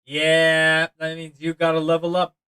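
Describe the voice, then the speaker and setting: A man streaming a game live, chatting casually and excitably with his viewers and rambling as he plays. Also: a little high, measured pace, smooth, no echo, rough recording. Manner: excitable, rambling, talks to chat, swears.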